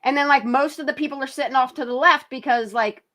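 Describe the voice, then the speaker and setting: A woman hosts a loose true-crime commentary, narrating over a video with blunt, sarcastic remarks. Her voice sits a little high and rings bright and forward. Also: fast talker. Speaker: channel host.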